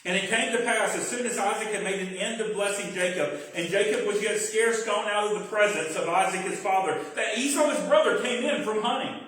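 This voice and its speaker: A man's voice: high-pitched, brisk, hardly any pauses, fairly bright tone. A male pastor teaching a Bible study sermon in a dramatic, explanatory way. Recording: very echoey hall from far off.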